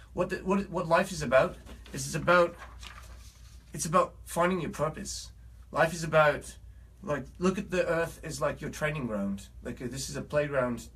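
A musician speaks in a put-on British accent, rambling along in an earnest, preachy vlog monologue. His voice sits a little high for a man and carries a husky edge. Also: fairly bright tone.

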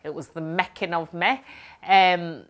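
A woman's voice: fairly low pitch, fairly even intonation, a little slow, fairly bright tone. A woman from Sheffield with a Yorkshire accent, chatting enthusiastically to camera as a lifestyle blogger while a friend films her. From Sheffield, England. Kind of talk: casual chat to camera. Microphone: camera held by a friend.

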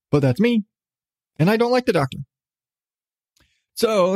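A man's voice: on the high side, a little mellow, no room sound. A man hosting his own podcast, ranting casually with plenty of swearing and sarcastic asides, laughing at himself. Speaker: podcast host. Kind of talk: casual solo podcast rant.

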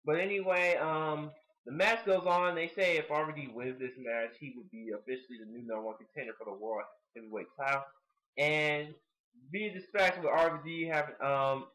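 A man giving a casual video review of a wrestling show, talking like an excitable fan with plenty of fillers and the odd swear word. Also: medium pitch, rough recording.

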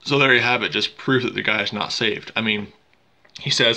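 A man's voice: fairly low pitch, quick pace, gravelly, noisy background. A man hosting a commentary vlog, arguing dismissively and stumbling over repeated words. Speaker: channel host and commentator.

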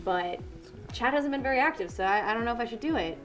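A woman's voice: fairly high pitch, expressive, fast talker, music in the background. A woman hosting a board game livestream, casually talking to viewers and the other players.

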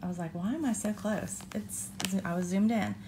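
A woman's voice: medium pitch, moderate pace, noisy background. A woman chatting casually about her cross-stitch, rambling with fillers and correcting herself. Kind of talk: casual show-and-tell chat. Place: condo balcony by the beach.

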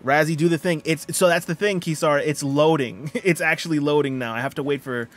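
A male game streamer talks casually through a live session, greeting viewers by name and reading chat aloud. His voice sits a touch higher than typical for a man, and he keeps up easy, friendly chatter. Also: brisk, a bit bright.

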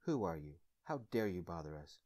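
A man's voice: low-pitched, big pitch swings, normal speed, darkish tone. A man reading a scornful, accusing brother. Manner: scowling, accusing. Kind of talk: soft-spoken ASMR storytelling.

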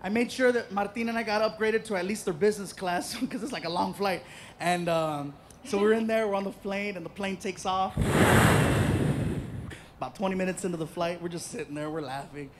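Animated stand-up comedian telling a story. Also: male voice, high-pitched, a little fast, noisy background. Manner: animated, does voices and shouts.

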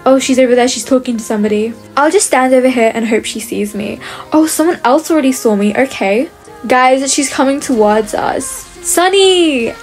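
A woman's voice: fairly high pitch, a little fast, soft background music. A young woman commenting on her gameplay to viewers in a chatty, often exasperated way. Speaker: gaming video creator.

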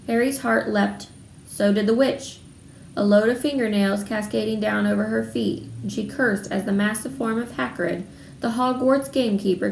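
A woman reading a children's novel aloud in a steady storytelling manner. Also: mid-range voice, vocal fry. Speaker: readalong reader. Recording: roomy room, faint background noise.

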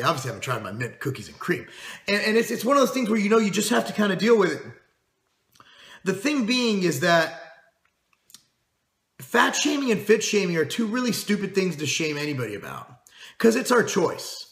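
Middle-aged man, fitness host, bright forceful voice, blunt and profane, echoey room. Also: high-pitched, sing-song, normal speed. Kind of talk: casual monologue to camera.

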